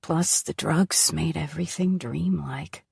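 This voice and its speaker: Lady reading a weak sick woman, gravelly and breathy, halting and teary. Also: low-pitched, no echo, studio quality, exaggerated voice. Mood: confessing. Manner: weak, halting, tearful confession. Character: frail sick middle-aged woman, weary and tender. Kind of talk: audiobook character voice.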